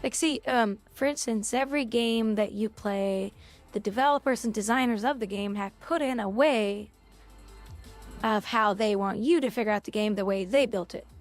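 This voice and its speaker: A woman's voice: a little high, moderate pace, soft background music. A woman game streamer talking casually to her chat, bluntly scolding viewers and swearing now and then.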